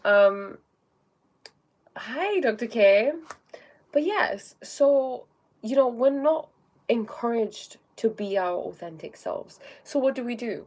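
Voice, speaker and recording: A woman hosting a spiritual livestream in a casual talking style. She often tags her sentences with "okay?" and greets viewers by name between points. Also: medium pitch. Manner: reads viewer comments aloud and greets them.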